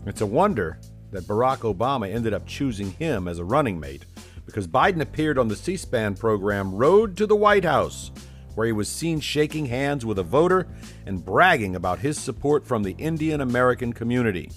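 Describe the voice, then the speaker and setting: A male commentator delivering sarcastic political commentary, his pitch swinging widely as he mocks his subject. He sounds scornful and biting throughout. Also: sing-song, moderate pace, soft background music. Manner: scornful, mocking.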